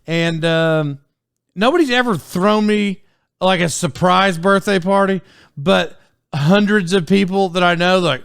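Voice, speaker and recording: A man's voice: high voice, unhurried, creaky, fairly bright tone, clear, resonant tone, no echo, clean studio sound. A man in his forties telling stories on his solo podcast in a casual, rambling way, full of fillers and restarts. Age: 40s. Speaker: podcast host.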